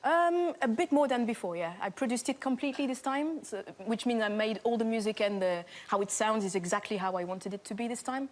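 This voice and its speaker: Soft-spoken woman singer. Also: fairly high pitch, a little fast, few pauses. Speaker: singer guest. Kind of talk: casual interview.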